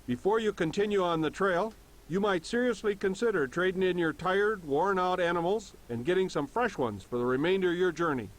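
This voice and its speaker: A man's voice: sits high, a little fast, natural voice. An actor playing a welcoming frontier townsman in a game, speaking in a formal, informative way. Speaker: town greeter in a game.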